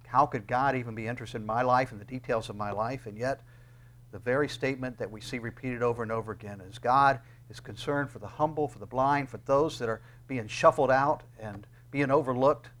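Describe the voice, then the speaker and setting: A man's voice: mid-range voice, a bit bright. Man preaching a conversational sermon. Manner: conversational preaching with fillers, rising to emphatic readings of scripture. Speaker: pastor.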